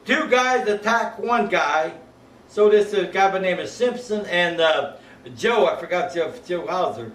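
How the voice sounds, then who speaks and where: An elderly man in his eighties recalls army days in a rambling, folksy manner, his voice sitting high for a man. He chuckles often as he talks. The recording is roomy and taken from some distance, with faint ambience behind him. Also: lively intonation, a little slow, fairly bright tone. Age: 80s. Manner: rambling, folksy, peppered with "you know what I mean"; breaks into chuckles while telling stories. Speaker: World War II veteran. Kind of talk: oral history storytelling.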